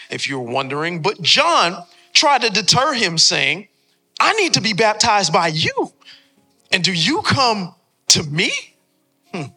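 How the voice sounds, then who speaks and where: Before a congregation in a church sanctuary, a young male pastor preaches, cracking jokes and trading call-and-response with the people. His voice is high-pitched and sharp with a breathy edge.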